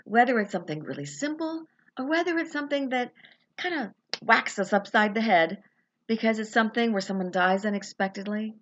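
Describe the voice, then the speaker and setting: A woman guides a relaxation visualization in a slow, soothing way, letting her words settle between pauses. Her voice sits at an ordinary middle pitch, unhurried and gentle. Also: highs cut off. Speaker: life coach leading a guided visualization. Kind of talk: guided meditation.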